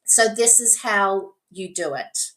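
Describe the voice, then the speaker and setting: A reading specialist with a New Zealand accent talks parents through a lesson at an unhurried pace. Her pitch rises and falls freely as she demonstrates each step. She stays patient and encouraging throughout. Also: expressive, a bit bright. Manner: encouraging, slow and patient, demonstrating with letter tiles. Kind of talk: instructional talk to parents.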